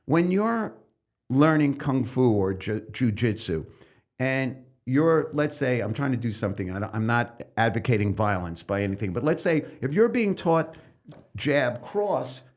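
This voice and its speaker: A middle-aged man from New York City, a stand-up comedian and coach, talking loosely as a podcast guest and breaking into loud comic bits mid-thought. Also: mid-range voice. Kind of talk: loose conversational interview talk.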